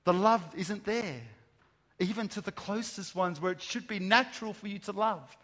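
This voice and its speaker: A man delivers a sermon in a somewhat higher voice than most men. He leans on rhetorical questions and slows down to stress each word of a list. A long hall reverb trails behind every phrase. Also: a bit bright. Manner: emphatic, rhetorical questions, slow stressed lists of words. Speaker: pastor. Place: large room with an audience.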